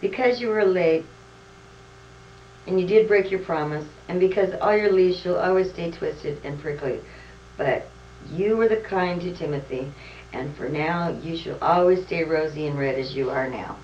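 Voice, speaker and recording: A woman's voice: fairly low pitch, moderate pace, a little hiss or hum, natural voice. A woman voicing a kindly old male Santa Claus while reading a storybook aloud. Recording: roomy distant dull home tape.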